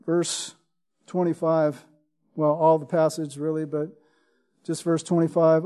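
A man's voice: fairly high pitch, level tone, unhurried, pauses often, warm tone. A man preaching a sermon in an emphatic way, reading scripture and often asking "right?". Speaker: pastor.

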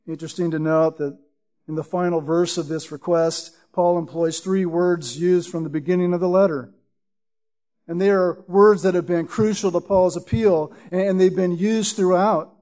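A man with a notably high voice teaches through a Bible passage verse by verse. He explains word meanings patiently and leans on the scripture quotes for emphasis. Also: fairly even intonation, normal speed, mellow. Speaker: preacher.

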